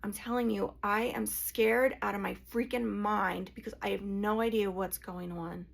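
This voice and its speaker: A woman channeler and energy healer speaking to her viewers in an emotional, confessional vlog, hushed and sighing as she talks. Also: medium pitch, steady tone, moderate pace, gravelly.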